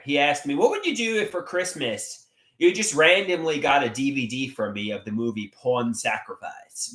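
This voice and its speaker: On a livestream, a man chats casually, reads out viewer comments, and rambles, his pitch and volume swinging theatrically. His tone is sharp and the sound is roomy.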